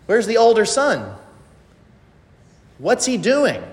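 A man's voice: sits high, in a large hall. A man preaching a sermon who presses the listeners with pointed rhetorical questions. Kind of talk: expository sermon.

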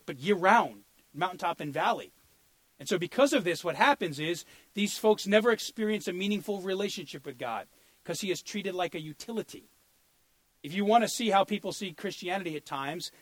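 A man's voice: on the high side, fairly bright tone, dry recording. A male pastor preaching an earnest sermon, sometimes repeating words as he searches for them.

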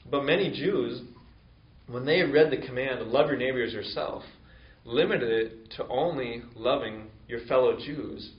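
A man's voice: mid-range voice, a little slow, far from the mic. Guy preaching casually, lots of "you know", roomy echo, kinda muffled sound. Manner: conversational, many fillers, acts out quoted excuses. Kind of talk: sermon. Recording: echoey room, dull lo-fi sound.

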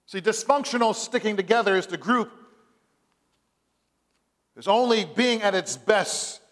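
Here a man with a high voice preaches somewhat slowly, the sound filling a large room. As pastor, he draws "Amen" responses from the congregation and brings his stories to life by performing the voices of the people in them.

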